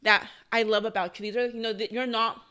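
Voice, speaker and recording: A woman co-hosts a casual faith-based podcast in a bright, slightly high voice. She speaks thoughtfully, often restarting to qualify a point. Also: steady tone, fairly quick. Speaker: podcast co-host.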